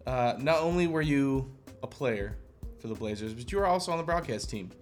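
Male interview host, middle pitch. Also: fairly quick, faint music behind. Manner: relaxed, with fillers and hesitations. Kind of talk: interview questions.

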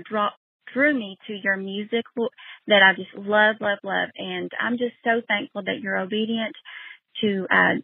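A woman from Tennessee with a Southern accent, leaving an excited, gushing voicemail for a podcast host. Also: mid-range voice, creaky, no room sound. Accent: Southern American. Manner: excited, gushing, warm-hearted. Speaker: caller. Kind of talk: voicemail message. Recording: tinny phone line.

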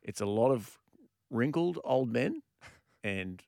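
Brief: Australian male radio co-host, animated pitch, dry close mic, chatty storyteller. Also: slow pace, creaky, dry recording. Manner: animated storyteller, laughs often. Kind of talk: casual banter.

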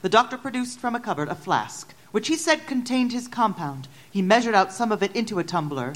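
A woman narrating a story in the first person, with expressive storytelling. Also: mid-range voice, brisk, poor audio. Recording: narration over music. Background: background music.

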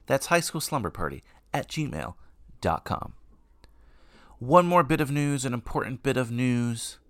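A man's voice: medium pitch, expressive, unhurried, fairly bright tone, no room sound. A man hosting a podcast, chatting in an upbeat, rambling way with many asides. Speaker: podcast host. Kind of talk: casual podcast chat.

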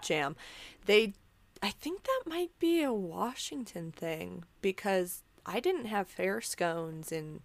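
A woman's voice: mid-range voice, lively intonation, slow, vocal fry. A woman co-hosting a podcast in casual chat who wanders and searches for words. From New Mexico. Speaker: podcast co-host.

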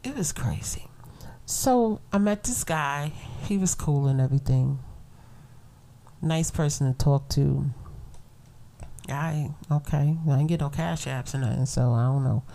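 A middle-aged woman from Brooklyn, telling a story in a casual podcast monologue, blunt and animated, laughing often. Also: sits low, unhurried, creaky. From Brooklyn, New York. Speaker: podcast host.

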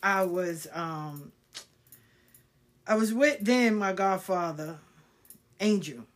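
A woman's voice: fairly low pitch, takes it slowly. A woman and spiritual reader telling her life story on a live video, laughing often, swearing freely and repeating herself to drive home an encouraging, preachy point.

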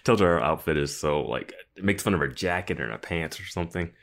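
A man's voice: low voice, a little fast, a bit bright. A man co-hosting a podcast, chiming in and chuckling through a casual recap chat. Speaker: podcast co-host.

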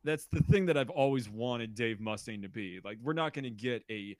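A man co-hosting a podcast, talking casually and animatedly, breaking into loud mocking impressions. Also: medium pitch, moderate pace, no echo. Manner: animated, mimics people in shouted bursts. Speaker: podcast co-host.

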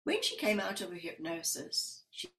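A woman working as a hypnotherapist, recounting client sessions in an animated storytelling manner and acting out the dialogue. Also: fairly low pitch, normal speed, gravelly. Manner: animated, acts out quoted dialogue. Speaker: hypnotherapist guest. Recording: roomy echo.

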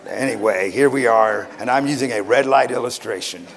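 A man preaching a sermon at a conference, animated, swinging from loud bursts to hushed tones. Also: mid-range voice, a little fast, vocal fry, a faint crowd. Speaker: pastor. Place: conference hall, live audience.

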